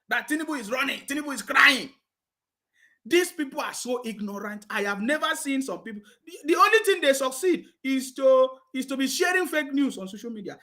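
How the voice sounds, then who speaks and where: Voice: high-pitched, pushed and bright. A commentator with a Nigerian accent, mocking his targets and laughing often as he talks. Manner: taunting, laughs often, repeats "you understand me". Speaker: political commentator.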